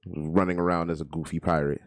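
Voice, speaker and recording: A man co-hosting a podcast in casual, slangy chat, quick to laugh. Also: sits low, little pitch movement, dry recording, studio quality. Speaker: podcast co-host.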